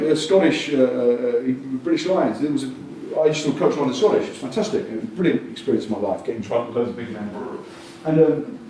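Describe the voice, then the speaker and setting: A man giving a jokey, animated talk at a coaching conference and acting out quotes in different voices. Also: fairly high pitch, slight background noise. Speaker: conference speaker. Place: conference hall with audience. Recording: distant mic in an echoey hall.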